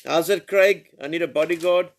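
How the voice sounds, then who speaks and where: A man's voice: fairly high pitch, normal speed. A man hosting a joking live show, teasing his guests and laughing often. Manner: teasing, banters and laughs a lot. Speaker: host. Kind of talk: joking live-stream chat.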